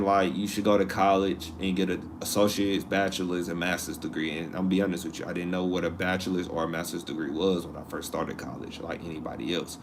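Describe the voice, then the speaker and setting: A man hosting a live stream in casual chat, reading viewer comments aloud and answering in an animated, slangy way that repeats itself. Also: sits low, a little hiss or hum. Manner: animated, repeats himself, slangy asides and laughs.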